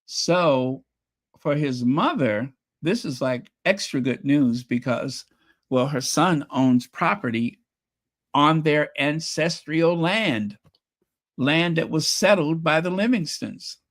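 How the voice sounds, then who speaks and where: Slow-talking man recapping a show. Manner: animated storytelling, acts out quotes with rising pitch. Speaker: show reviewer. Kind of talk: casual recap commentary.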